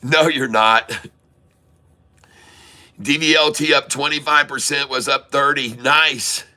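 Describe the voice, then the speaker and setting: A man hosting a live day-trading stream, calling out prices and coaching viewers in an excitable, repetitive way. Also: medium pitch, slow pace. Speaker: day-trading livestream host.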